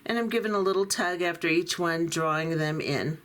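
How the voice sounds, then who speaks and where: A woman with a slightly low voice talks a viewer through a beading project step by step. She is middle-aged or older and speaks in a patient, practical way while her hands stay busy with the work. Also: a little fast, fairly bright tone. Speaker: beading tutorial host. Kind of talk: step-by-step craft instruction.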